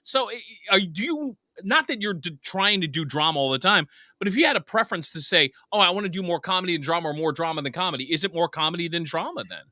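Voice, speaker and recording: Man, podcast host, bright sharp tone, very animated pitch, enthusiastic questions. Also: quick pace, hardly any pauses, dry recording, studio quality. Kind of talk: casual interview chat.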